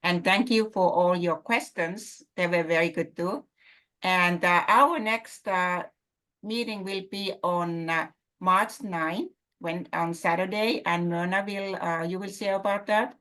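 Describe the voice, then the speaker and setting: A woman hosts a meeting and closes the session, speaking in a somewhat low voice. She sounds appreciative and pauses with the odd uh. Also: fairly even intonation, fairly bright tone. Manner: appreciative, hesitant with uhs. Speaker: host. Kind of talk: thanking a guest, closing a meeting.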